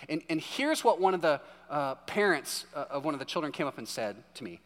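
A man's voice: a little high, very animated, fairly quick. A man in his thirties preaching a sermon in a chatty storytelling way, often checking in with "right?". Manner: conversational storytelling, keeps asking "right?". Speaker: pastor. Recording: long hall reverb.

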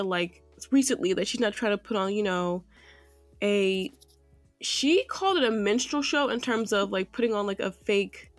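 A woman's voice: a little high, no echo. A woman co-host on a casual podcast roundtable, recorded close and dry. She questions things in a critical, rhetorical way, with faint music underneath.

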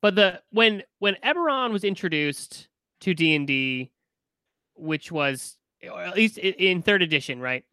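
A man's voice: sits high, lively intonation, unhurried, bright, forceful tone, clear, resonant tone, no echo. A man hosting a casual chat over a video call, blunt and teasing. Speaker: podcast host.

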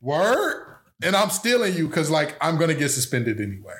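Casting note: man, podcast host, high-pitched, animated comic banter. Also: normal speed. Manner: animated, joking, exaggerated storytelling. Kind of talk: casual sports podcast banter.

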